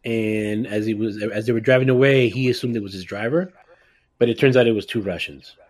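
A man's voice: fairly low pitch, steady tone, a little fast. A man guest in a casual podcast, recounting events steadily with "uh" fillers.

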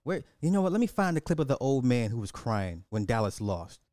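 A man, ranting in casual commentary, loose and animated, swearing and repeating himself. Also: mid-range voice, fairly quick, dry recording, studio quality.

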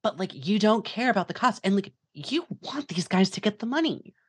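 A woman's voice: mid-range voice, sing-song, a little fast, slightly rough. A woman co-hosting a casual film podcast, rambling with lots of filler words and casual swearing. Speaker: podcast co-host.

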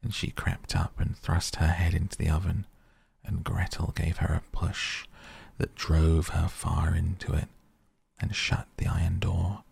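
A man reads a bedtime fairy tale in a soft, low, gravelly voice, sinking now and then into a breathy near-whisper. His delivery stays level and unhurried, close and dry. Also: little pitch movement, no echo. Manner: soft, slow, half-whispered at times. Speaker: sleep podcast reader. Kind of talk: softly spoken bedtime storytelling.

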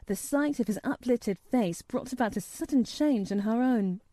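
A woman narrating an audiobook in a gentle, measured storytelling manner. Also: on the high side, no room sound. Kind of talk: audiobook reading.

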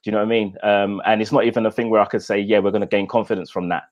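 Male podcast guest, fairly low voice, halting casual delivery. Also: little pitch movement. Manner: hesitant, many fillers and "you know".

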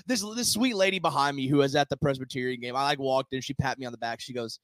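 A man's voice: mid-range voice, quick pace, no room sound. A man co-hosting a casual sports podcast, telling stories with lots of laughter and acted-out quotes. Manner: animated storyteller, laughs often, acts out quotes. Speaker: podcast co-host.

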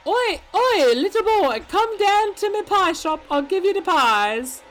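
A shrill, brash, scheming pie-shop woman who calls out and coaxes, as a comic storyteller puts her on. Her voice sits high and bounces in pitch. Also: very animated, measured pace, fairly bright tone, faint music behind, exaggerated voice, rough recording. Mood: coaxing.

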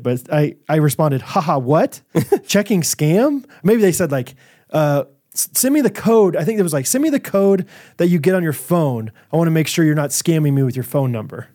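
A podcast co-host with a slightly high voice tells a story in casual chat, laughing often and acting out what people said. He's an animated storyteller, recorded clean in a studio with no echo.

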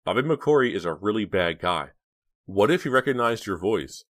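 Man doing a anxious teen girl, quick temper, pitched way up, strained, audiobook. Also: lively intonation, dry recording, studio quality, natural voice. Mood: alarmed. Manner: raised, strained delivery. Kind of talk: audiobook character voice.

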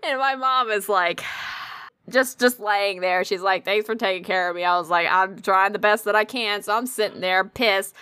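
A woman co-hosting a podcast, telling a story in casual chat with animated delivery and frequent swearing. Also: medium pitch, moderate pace, smooth, dry recording. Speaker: podcast co-host.

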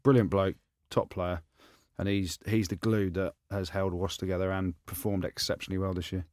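A former rugby player co-hosting a podcast banters casually in a low voice at a moderate pace, teasing his co-hosts animatedly and jumping up in pitch whenever he's incredulous. The audio is dry and close, with no echo or room sound.

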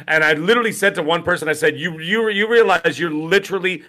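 Male podcast co-host: bright, tense tone, slightly high; halting, repeats himself. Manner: halting, repeats words while finding his point. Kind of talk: casual podcast chat.

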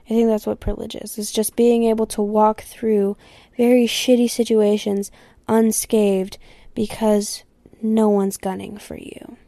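Candid woman podcaster, slow and mellow. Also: mid-range voice, level tone, no echo. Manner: candid, rambling, swears freely, drifts into whispers. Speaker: podcast host. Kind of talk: casual solo podcast chat.

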